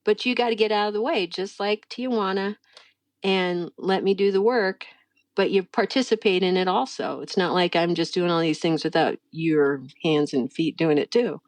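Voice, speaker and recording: A middle-aged woman tells a personal story in an easy, conversational way. Her voice leaps up sharply whenever she acts out what someone said. The sound is close and dry, with no room echo. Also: moderate pace. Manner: animated, acts out quoted voices with big pitch jumps. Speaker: guest telling a faith story. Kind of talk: casual storytelling.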